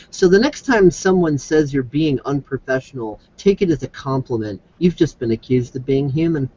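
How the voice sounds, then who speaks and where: A man's voice: medium pitch, expressive, moderate pace, hardly any pauses, darkish tone, breathy edge, no room sound. Male guest, earnest read-aloud, dry muffled audio. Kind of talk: casual chat.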